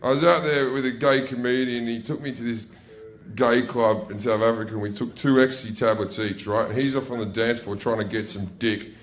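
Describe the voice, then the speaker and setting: A man's voice: mid-range voice, steady tone, a little fast, noisy background. A man with an Australian accent doing profane stand-up comedy on a club stage, telling a brash story to a laughing audience.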